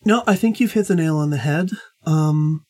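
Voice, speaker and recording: A woman's voice: low-pitched, normal speed, warm tone. A woman hosting a casual book discussion, explaining points at length with many fillers. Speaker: podcast host.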